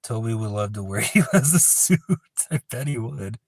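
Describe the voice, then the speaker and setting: A man's voice: medium pitch, animated, moderate pace, breathy edge, dry recording. A man hosting a livestream in casual chat, laid-back, rambling and profane. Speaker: livestream host.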